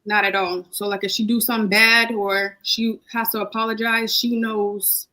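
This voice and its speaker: A woman's voice: medium pitch, little pitch movement, moderate pace, few pauses, sharp tone, low-quality recording. Emotional young woman, casual heartfelt talk. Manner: emotional, heartfelt, repeats phrases. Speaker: podcast guest. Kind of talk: casual chat.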